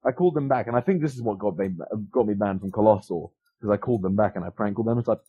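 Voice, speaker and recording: A young podcast host with a fairly low, breathy-edged voice talks rapid-fire through a rambling, profane story in casual storytelling chat. His telling is full of fillers and restarts, and the recording has a dull lo-fi sound.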